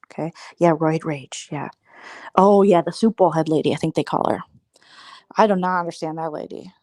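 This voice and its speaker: A woman's voice: deep voice, normal speed, darkish tone, dry recording. Sarcastic gossiping woman host. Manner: gossipy, sarcastic, slips into mimicry. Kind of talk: casual livestream gossip chat.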